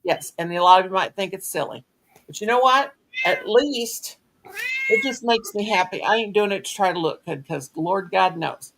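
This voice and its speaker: A woman's voice: mid-range voice, expressive, normal speed, creaky, a bit bright, a little hiss or hum. A middle-aged woman, hosting a live crafting chat and telling folksy, blunt stories. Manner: folksy storyteller, earthy and blunt. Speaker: craft stream host. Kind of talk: casual chat on a live stream.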